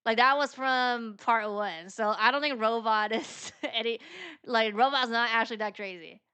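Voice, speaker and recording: A VTuber streamer with a smooth, a little high, sharp-toned voice reads a game's dialogue aloud at a moderate pace. Between lines she chats in a rambling, filler-heavy way and laughs often.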